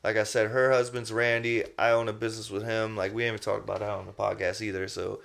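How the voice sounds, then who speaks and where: A man's voice: on the low side, level tone, fast talker, vocal fry, fairly bright tone. A man hosting a podcast in casual chat, a laid-back, rambling storyteller who drops slang. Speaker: podcast host.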